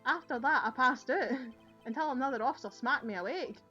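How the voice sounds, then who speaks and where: A woman with a Scottish accent voicing an eager, dim young male police officer who ends nearly every line with "sir", loud and earnest, reading game dialogue aloud. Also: fairly high pitch, a little fast, muffled recording, soft background music, lightly acted.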